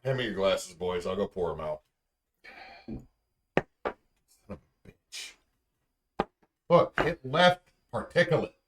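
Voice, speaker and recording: A man's voice: sits low, big pitch swings, moderate pace, long pauses, noisy background. Grumbling young man, blunt. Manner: blunt, grumbling, loud complaints. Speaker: streamer co-host. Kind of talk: casual stream chat.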